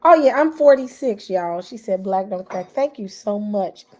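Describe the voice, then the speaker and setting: A woman's voice: mid-range voice, moderate pace. Chatty black lady in her 40s, hosting a casual livestream, keeps saying y'all. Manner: chatty and animated, calls out to viewers, frequent "y'all". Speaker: YouTube channel host.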